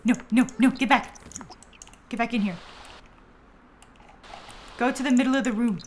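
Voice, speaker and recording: A woman hosting a gameplay livestream, chatting to viewers, giggly and easily excited, thanking them for subscriptions. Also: a little high, slight background noise. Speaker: livestream host.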